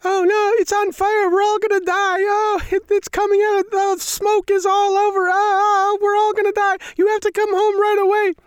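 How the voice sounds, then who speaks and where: A frantic panicked wife. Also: male voice, very high voice, monotone, no room sound, clean studio sound, voice pushed up. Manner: shrieking, rapid, breathless panic.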